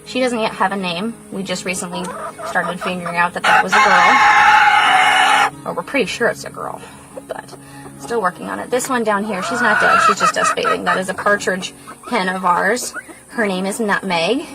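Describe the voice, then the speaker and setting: A woman's voice: moderate pace, vocal fry, low-quality recording. Gal walking her farm, kinda breathless, music over it. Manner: coos in a high baby voice to the animals. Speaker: farm owner giving a tour. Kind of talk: casual walking farm tour. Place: outdoors on a farm pasture.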